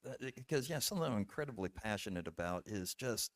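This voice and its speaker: A middle-aged man, a podcast guest, telling stories in an earnest, halting way with restarts and fillers. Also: fairly low pitch, animated. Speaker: podcast guest, former bailiff. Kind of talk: casual storytelling conversation.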